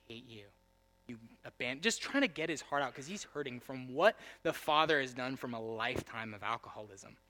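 A young adult man preaching a sermon, moving between quiet storytelling and loud, emphatic preaching. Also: mid-range voice. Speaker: pastor.

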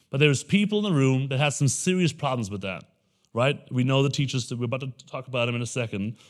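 A young adult male pastor delivering a relaxed, conversational sermon. He talks to the congregation like friends, often tossing in "right?". He breaks into animated little impressions of the people in the story. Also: medium pitch. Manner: casual preaching, keeps asking the room "right?"; animated, acts out the characters in quick asides.

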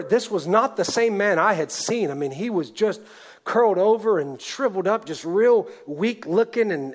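A man with a high voice delivers a sermon, recounting a testimony story. He speaks earnestly, dropping to a hush and then rising to a near shout. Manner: earnest, swings from hushed to shouted. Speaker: preacher.

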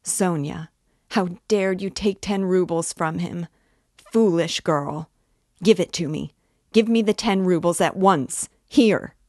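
A woman doing a frantic mother in an audiobook, shrill, outraged, dry close sound. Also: slow pace, a little mellow, dry recording.

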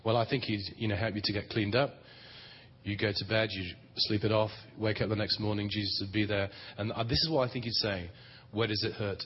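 In a large conference hall, a lowish-voiced man gives a plain, conversational talk on prayer with dry humor at a Christian conference. He talks fairly quickly with fairly even intonation, and the dull, reverberant hall recording has slight background noise.

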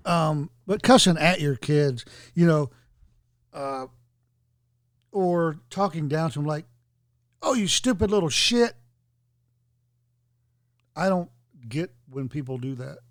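A man's voice: fairly high pitch, a little slow, no echo, studio quality. A man chatting casually on a podcast, rambling and joking through digressions. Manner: rambling, jokey, digressive storytelling.

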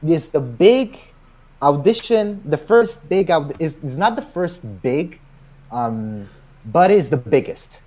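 A man's voice: fairly high pitch, expressive, slow, warm tone. A man with an Italian accent, a guest actor on an interview podcast, telling a story casually, laughing often and acting out the people he quotes. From Italy.

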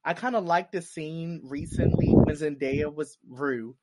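A woman in casual chat about a TV show, animated and full of fillers, talking from her basement over a remote call. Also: low voice, a little slow, heavy background noise. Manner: animated, lots of fillers, acts out her reactions.

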